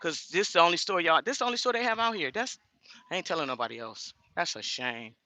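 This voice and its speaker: A woman's voice: lowish voice, lively intonation, quick pace, pushed and bright, dry recording. Blunt woman ranting to camera. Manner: indignant, blunt, addresses viewers as y'all. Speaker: vlogger. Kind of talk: casual vlog talk to viewers.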